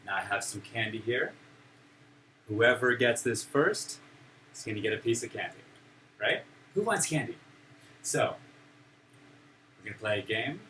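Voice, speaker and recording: Teaching simple English to young kids, this man acts out emotions in a playful, encouraging way. His voice sits lowish, with lively intonation, a slightly slow pace, frequent pauses, and a pushed, bright quality. Captured on a distant mic with room noise.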